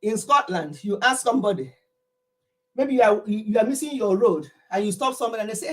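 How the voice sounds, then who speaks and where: A woman's voice: mid-range voice, expressive, fairly quick. A middle-aged Nigerian woman chatting casually with her livestream viewers, laughing often as she tells stories. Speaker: livestream host.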